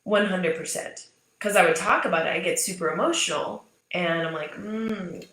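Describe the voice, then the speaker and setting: A woman's voice: fairly low pitch, normal speed, fairly bright tone. A woman in her thirties, a business mindset coach, talking casually and candidly to her audience, swearing freely and repeating points for emphasis. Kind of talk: casual motivational talk to camera. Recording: echoey room.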